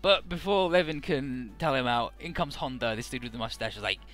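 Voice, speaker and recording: A man's voice: mid-range voice, fairly quick, fairly bright tone, faint music behind. A young man casually recapping a video game's story, rambling and irreverent, with many uhs. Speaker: let's play narrator.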